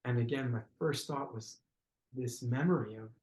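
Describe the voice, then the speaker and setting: A man in the middle of his voice range speaks as a podcast guest, telling a story in a thoughtful, searching manner. He pauses and restarts often, reaching for the right word. The recording has a noticeable roomy echo. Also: mid-range voice, a little mellow. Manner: searching, hesitant phrasing with frequent "like" and restarts. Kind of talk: reflective conversational storytelling.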